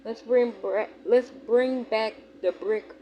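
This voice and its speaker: A woman's voice: on the high side, fairly even intonation, slow pace, lo-fi sound, a little hiss or hum. A young woman, talking candidly and emphatically to her viewers in a personal vlog, rambling and restarting as she goes.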